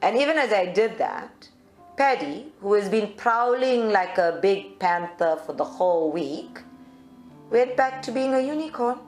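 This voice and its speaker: A woman's voice: medium pitch, lively intonation, a little slow. Spiritual group leader, woman from South Africa, reflective live talk, roomy sound, faint music bed. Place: meditation centre room.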